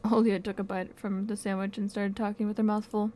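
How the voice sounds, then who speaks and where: A woman reading a game's story text aloud in an expressive, soft-spoken way. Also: mid-range voice, fairly quick. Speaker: game playthrough narrator.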